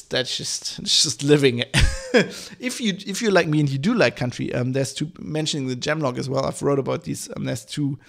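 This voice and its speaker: Hoarse, gravelly man rambling casually. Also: medium pitch. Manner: rambling, swears, many fillers and restarts. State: hoarse from hay fever. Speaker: podcast host. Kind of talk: casual solo podcast chat.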